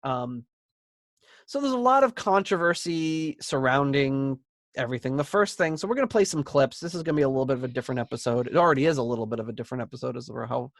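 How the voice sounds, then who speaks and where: A man's voice: medium pitch, expressive, fast, vocal fry, no echo, studio quality. A man co-hosting a podcast in casual chat. He tells stories with laughter and acts out quotes. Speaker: podcast co-host.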